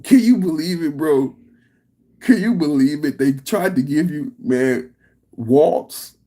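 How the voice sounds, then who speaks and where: A man hosting a podcast, delivering a political reaction rant in an emphatic, slangy, repetitive way with a husky voice. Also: a little high, slow pace, warm tone. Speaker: podcast host.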